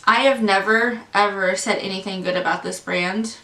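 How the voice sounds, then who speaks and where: A woman's voice: mid-range voice, fairly even intonation, moderate pace, pushed and bright, roomy sound, far from the mic. A woman beauty vlogger ranting casually through an unboxing review, exasperated and full of fillers.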